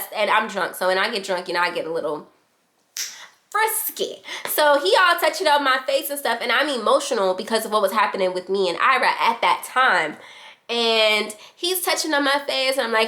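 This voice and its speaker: A young woman vlogger telling a dramatic personal story in a casual, animated way, acting out what people said. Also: on the high side, a little fast. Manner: animated, dramatic reenactments of quotes. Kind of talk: storytime vlog.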